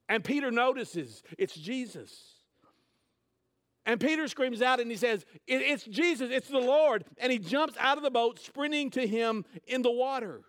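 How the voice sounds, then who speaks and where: A man's voice: extremely high pitch, a bit bright. A man preaching a sermon, retelling a scripture story in casual, conversational words. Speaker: pastor.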